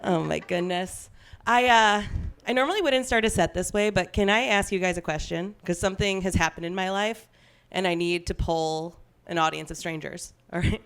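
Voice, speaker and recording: A woman's voice: on the low side, moderate pace, a bit bright, clear, resonant tone. A young woman from Long Island doing a stand-up comedy set on stage, chatty and self-deprecating, laughing at her own jokes.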